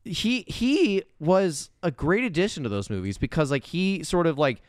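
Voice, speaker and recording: A man talks casually on a podcast, circling his points with a stream of filler words before landing them. His voice is smooth and resonant. The sound is dry and close, with no room around it. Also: on the high side, normal speed, no echo. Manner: rambling, heavy filler words, animated bursts. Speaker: podcast co-host. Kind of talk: casual movie review chat.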